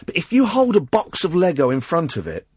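A male radio host with a slightly husky, breathy voice that swings widely up and down in pitch as he jokes with a caller. He talks casually and teasingly into a close studio microphone. The sound is dry and close, with no room echo. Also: a little fast. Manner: playful, teasing and animated, with frequent laughter. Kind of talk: casual chat on late-night phone-in radio.

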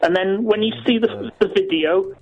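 A man calling in to a radio show, talking earnestly and haltingly. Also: sits high, vocal fry, narrow, tinny audio. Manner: earnest, halting, repeats himself. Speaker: caller. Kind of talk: casual chat on the phone to a radio show.

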